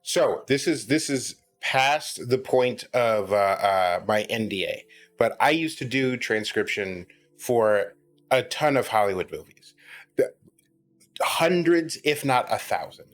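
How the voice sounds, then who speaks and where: A man's voice: mid-range voice, lively intonation, slow pace. A man chatting casually as a podcast guest, rambling and restarting his sentences often. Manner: rambling, frequent restarts and filler words. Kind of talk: casual chat.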